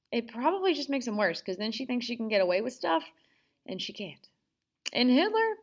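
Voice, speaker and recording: A young woman talks through a history lesson in a casual, conversational way. Her voice sits a little high. She keeps it chatty and sarcastic, acting out quotes with playful asides. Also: fairly bright tone. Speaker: teacher.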